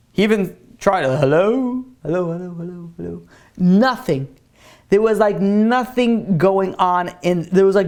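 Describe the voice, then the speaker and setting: A man, a rabbi, telling a story in a Torah lesson in a casual way, full of "like" fillers. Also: high voice. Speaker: rabbi and teacher.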